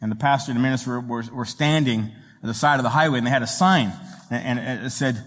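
A man preaching a sermon as a guest pastor, telling jokes and stories with halting restarts. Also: medium pitch, expressive, husky, big-room sound. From raised in an Italian home. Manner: joking storyteller, halting restarts. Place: church sanctuary.

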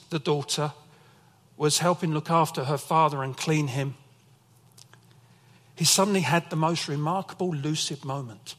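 Guy preaching in a big echoey hall, kinda high voice, telling stories. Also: a bit bright. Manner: storytelling, emotional testimony. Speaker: pastor. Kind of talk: sermon.

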